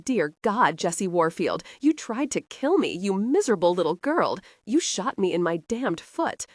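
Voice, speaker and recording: A woman's voice: medium pitch, big pitch swings, measured pace, dry recording, clean studio sound. A woman voicing a middle-aged male gunman who sneers and threatens, in an audiobook. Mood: menacing.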